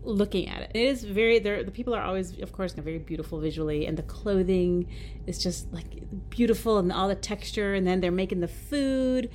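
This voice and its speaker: A woman from the United States co-hosting a podcast, chatting in an animated way and laughing often. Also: mid-range voice, a little fast, slight background noise. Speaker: podcast co-host. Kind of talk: casual chat.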